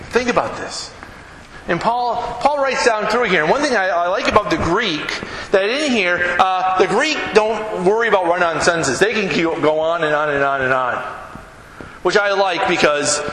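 A man preaching a folksy, animated sermon to his congregation, joking and reading scripture. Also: high voice, moderate pace, echoey room, long reverb tail, a little hiss or hum, poor audio. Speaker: pastor. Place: church sanctuary.

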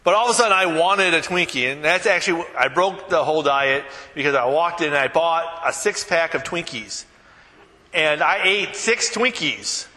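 A pastor preaching to his church, chatty and anecdotal, often restarting his sentences. His voice sits high and sounds bright. It carries a long reverb from the church hall. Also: lively intonation, normal speed. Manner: conversational, anecdotal, self-deprecating with many fillers and restarts. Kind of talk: sermon.

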